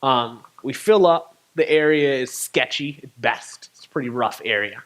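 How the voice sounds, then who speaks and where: A young man from Michigan, a touring poet, telling a lively story to an audience and acting out the dialogue. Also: mid-range voice, moderate pace. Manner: animated, acts out dialogue with laughter. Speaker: touring poet and guest speaker. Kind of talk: storytelling talk.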